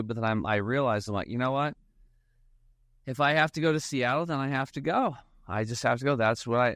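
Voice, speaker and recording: A man's voice: on the low side, a bit bright, no echo, clean studio sound. A man, a financial advisor guest, chatting casually in a rambling storytelling way and acting out bits of dialogue. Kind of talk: casual podcast conversation.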